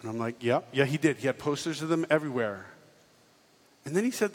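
Speaking a little fast at medium pitch, a man tells his testimony to a live audience on a big hall's stage, joking and animatedly performing the voices of people in his story. Reverb and faint ambience fill the recording.

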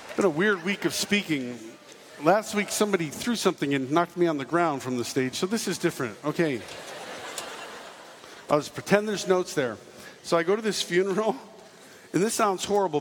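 A man's voice: high-pitched, fairly quick, a faint crowd, slight background noise. A man giving a jokey storytelling talk to a live audience, acting out the people in his story. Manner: animated, jokey, acts out quotes. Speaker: speaker giving a testimony talk. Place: large hall on stage. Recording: reverberant hall with faint ambience.

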